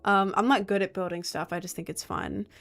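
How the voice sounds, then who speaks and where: A woman's voice: medium pitch, fairly even intonation, fairly quick, gravelly, a bit bright. A young adult woman streaming live from her desk, chatting casually in a rambling, filler-heavy way, sleepy and yawning often. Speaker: livestreamer. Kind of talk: casual livestream chat. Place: home streaming setup at a desk.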